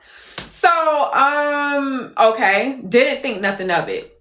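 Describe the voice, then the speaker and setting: A woman's voice: a little high, extremely slow, long pauses. Woman spilling a story to her followers, swears a lot, voice jumps all over, echoey room. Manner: profane, animated, exclamatory. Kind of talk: casual storytelling to viewers.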